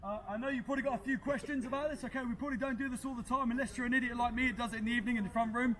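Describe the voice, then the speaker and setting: A male instructor addressing a class in a brisk, self-deprecating way. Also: very high-pitched, fairly even intonation, a bit bright. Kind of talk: lesson instruction.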